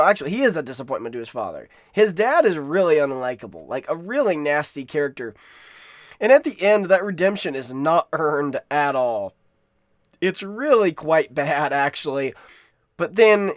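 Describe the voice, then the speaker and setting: A man's voice: high-pitched, dry recording, studio quality. A man giving a casual, rambling spoken movie review, with frequent restarts and asides. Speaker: film reviewer.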